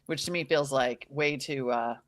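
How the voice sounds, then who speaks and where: A woman's voice: a bass voice, normal speed, no echo. Chatty woman podcast host, dry close sound. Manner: animated, laughing, acts out quoted voices. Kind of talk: casual live-stream chat.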